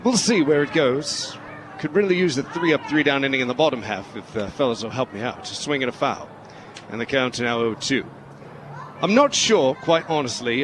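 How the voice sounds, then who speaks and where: A man doing radio play-by-play of a baseball game in a playful put-on English accent. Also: on the high side. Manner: playful mock-British delivery. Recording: radio broadcast with loud background noise.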